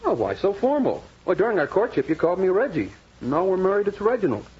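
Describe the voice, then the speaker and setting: An actor playing a breezy, playful young bridegroom with a bouncy, joking delivery, in 1940s radio acting style, on a dull old radio recording. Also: male voice, sits high, very animated, fast, darkish tone, husky, heavily acted.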